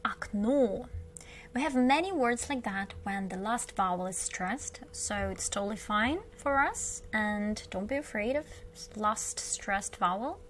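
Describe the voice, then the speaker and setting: A woman with a Russian accent, teaching Russian to beginners, who patiently repeats each word slowly several times. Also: mid-range voice, animated, a bit bright, a little hiss or hum. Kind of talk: slow beginner language lesson.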